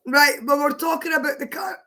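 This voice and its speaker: Woman on a live stream, high voice, giggly and hoarse from laughing. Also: brisk, pushed and bright. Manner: giggly, fighting fits of laughter. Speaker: livestream host. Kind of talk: casual live chat.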